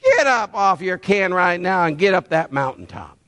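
God as a stern, commanding male deity who gives blunt orders, acted out by a male preacher. The voice sits high and jumps sharply in pitch. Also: big pitch swings, moderate pace, a bit bright.

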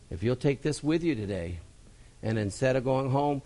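A male pastor preaching a sermon in a folksy, personal way, repeating key phrases and swinging from loud emphasis to quiet, low asides. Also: lively intonation, moderate pace.

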